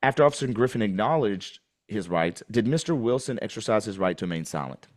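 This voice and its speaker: A man's voice: fairly low pitch, animated, quick pace. A man questioning an officer in a deposition, pointed and pressing, repeating his questions.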